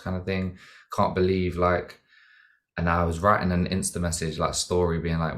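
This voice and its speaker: A man speaks as a podcast guest in a very deep, low voice. He talks in a reflective, meandering way, circling back and restarting his thoughts with plenty of fillers. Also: steady tone, fairly quick, fairly bright tone. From Britain. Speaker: podcast guest, dancer and singer. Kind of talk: casual interview chat.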